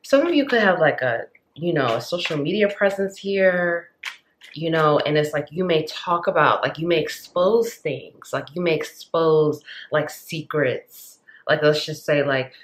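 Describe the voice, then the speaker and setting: Lady tarot reader, super earnest, rambles with tons of likes, hypes up the viewer. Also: sits low. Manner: earnest, rambling, heavy use of "like"; passionate, encouraging. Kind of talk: pick-a-card tarot reading.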